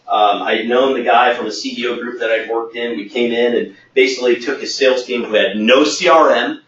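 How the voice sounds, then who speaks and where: A man as a sales trainer, telling a workplace anecdote in a training webinar and acting out the quoted dialogue. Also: medium pitch. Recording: echoey, distant, muffled.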